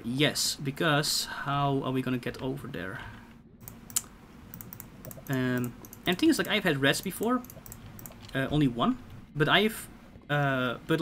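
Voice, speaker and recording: A man streaming a game, telling stories in a casual, profane, animated way with many restarts. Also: fairly high pitch, a little hiss or hum. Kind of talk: casual storytelling while gaming.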